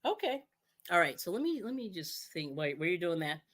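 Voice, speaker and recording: Chatty, low-pitched woman cooking live. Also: big pitch swings, fairly quick, a bit bright. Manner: chatty, laughs often, trails off and restarts. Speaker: cooking show host. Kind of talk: casual live-stream cooking chat.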